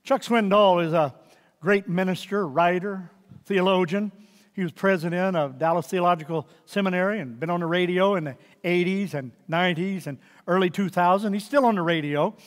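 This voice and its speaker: Older man, sermon, high-pitched voice, earnest preaching, reverberant church hall. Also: moderate pace. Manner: earnest preaching, dropping to a soft hush for tender moments. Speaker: pastor.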